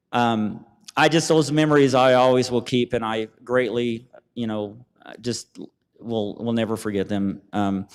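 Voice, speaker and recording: A man giving a halting, emotional eulogy at a memorial service, reading letters from family. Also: mid-range voice, smooth. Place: event venue, livestreamed. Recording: long reverb of a hall.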